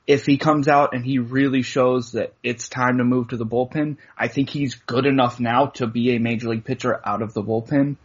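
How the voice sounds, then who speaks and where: A man's voice: mid-range voice, fairly even intonation, a little fast, few pauses, breathy edge, muffled recording. A man co-hosting a casual sports podcast in an easygoing way, often saying "I mean". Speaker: podcast co-host.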